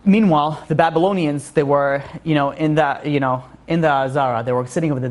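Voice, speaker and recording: A male rabbi giving an informal class, earnest and repeating his phrases for emphasis. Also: a little high.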